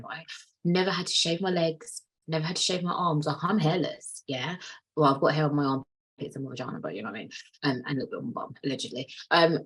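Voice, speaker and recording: A woman's voice: low voice, breathy edge, rough recording. A woman in her late twenties hosting a solo podcast, chatting candidly and rambling, swearing freely. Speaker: podcast host. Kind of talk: casual solo podcast chat.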